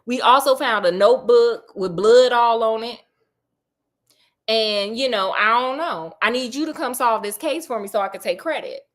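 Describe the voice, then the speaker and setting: A woman's voice: fairly high pitch, moderate pace, fairly bright tone, lightly acted. A woman voicing an eager, ambitious male police inspector in a casually told story, in casual slang. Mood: pleading.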